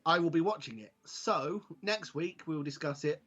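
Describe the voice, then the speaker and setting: A man's voice: fairly high pitch, normal speed, a bit bright, slight background noise. A man co-hosting a casual wrestling podcast, talking in a dry, wry way with rambling asides. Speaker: podcast co-host. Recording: dull lo-fi podcast audio.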